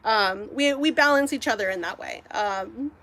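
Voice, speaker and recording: A woman's voice: fairly high pitch, normal speed, fairly bright tone. Chatty young woman gushing casually. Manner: gushing, chatty, rambling with many fillers. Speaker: crochet vlogger. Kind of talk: casual chat while crafting.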